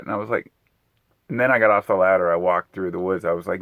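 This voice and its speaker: A middle-aged man casually retelling a personal story in a rambling, animated way, acting out the quotes. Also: low voice, quick pace, dry recording. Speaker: vlogger telling a personal story.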